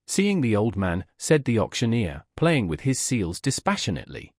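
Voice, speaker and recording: A man reading a classic novel aloud as an audiobook narrator, in a measured, expressive way. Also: on the low side, breathy edge, no echo, studio quality. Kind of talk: scripted narration.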